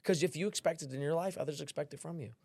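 A man's voice: fairly high pitch, rapid-fire, gravelly, a little mellow, no room sound, studio quality. A man, a sales trainer talking as a podcast guest, brash and profane, telling stories with quoted dialogue. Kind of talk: casual podcast chat.

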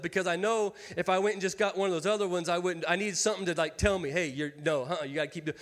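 A man in his thirties preaches to his church in a high, light voice, folksy and quick to joke with the congregation. His words ring out with a long hall reverb around them. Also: fairly bright tone. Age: 30s. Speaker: pastor. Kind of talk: sermon. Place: church sanctuary.

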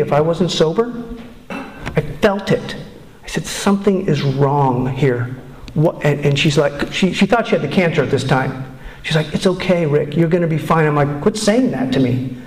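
Earnestly sharing his own story as a speaker at a recovery meeting, a middle-aged man often stops and restarts his sentences. His voice is a little high with a darkish tone, recorded in an echoey room.

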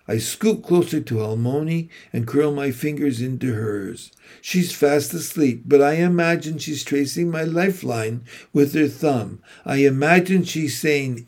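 A male narrator reads a middle-grade novel in first person, unhurried and thoughtful. His pitch sits in a middle range, and he lets each sentence settle before the next. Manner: slow, even, reflective reading. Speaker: audiobook narrator.

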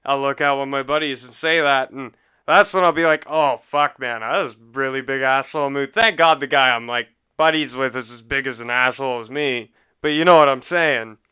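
A man's voice: medium pitch, fairly quick, smooth, no room sound. A man co-hosting a podcast in crude casual chat, rambling and swearing as he laughs at himself. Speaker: podcast co-host. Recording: tinny phone-like podcast audio.

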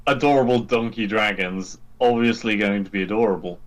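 A young man co-hosting a casual chat, relaxed and quick to laugh, with mild exclamations. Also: lowish voice, low-quality recording.

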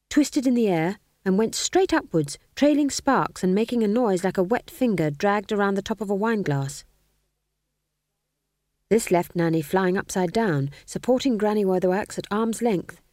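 Woman reading a storybook, expressive. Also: mid-range voice, moderate pace, no echo, clean studio sound. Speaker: audiobook narrator. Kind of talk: scripted narration.

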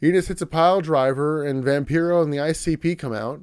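A man with a slightly high voice recaps casually for a podcast, rambling and leaning on filler words. He drops into little put-on voices as he goes. The sound is close and dry, with no room around it. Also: a little fast, darkish tone, clear, resonant tone, no room sound. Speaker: podcast co-host recapping wrestling.

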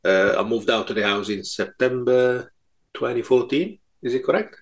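This is a man in his fifties with an Italian accent and a gravelly, creaky edge to his voice. He talks in casual podcast chat, stumbling through fillers and restarts, and drops in wry jokes at his own expense. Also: mid-range voice, normal speed. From Italy. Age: 50s. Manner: hesitant, many fillers and restarts, self-mocking humour. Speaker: podcast co-host.

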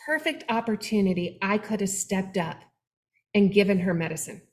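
A middle-aged woman co-hosting a faith-based talk, telling a personal story with lively, acted-out quotes. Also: medium pitch, moderate pace. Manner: animated storytelling, acting out quoted voices. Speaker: webinar co-host. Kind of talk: candid faith-based conversation.

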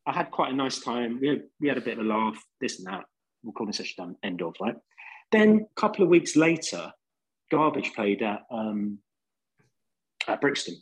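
A man's voice: mid-range voice, big pitch swings, moderate pace, breathy edge, poor audio. A man with a London accent, a band singer on a podcast, rambling through laid-back anecdotes with lots of fillers. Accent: London English. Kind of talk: casual storytelling.

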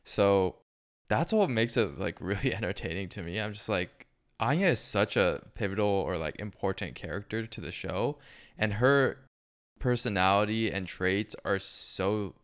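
Deep-voiced man chatting casually. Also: moderate pace. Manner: relaxed, laughs often, enthusiastic about anime. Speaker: podcast co-host. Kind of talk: casual chat.

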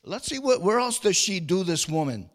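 A man's voice: high voice, very animated, moderate pace. A man preaching a sermon, reading scripture aloud and preaching with rising fervor, often restarting and repeating words. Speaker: pastor.

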